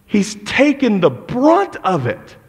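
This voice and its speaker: A man preaching a sermon with passion, moving between loud outbursts and low, intense tones. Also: huge pitch swings, slow, in a large hall. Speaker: pastor.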